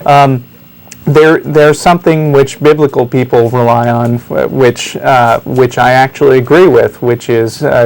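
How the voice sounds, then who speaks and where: A man co-hosting a call-in talk show, explaining his ideas in a thoughtful, halting manner. He pauses often and restarts his sentences. His voice sits at an ordinary middle pitch. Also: steady tone, vocal fry, a little mellow, low-quality recording. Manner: thoughtful, hesitant, many fillers and restarts. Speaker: co-host.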